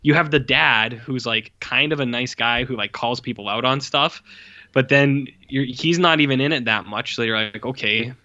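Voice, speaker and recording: A man's voice: medium pitch, normal speed, bright, forceful tone, dry recording, muffled recording. A man co-hosting a podcast, giving a blunt, profane film review and mocking it with quoted voices. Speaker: podcast co-host. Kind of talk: casual film review chat.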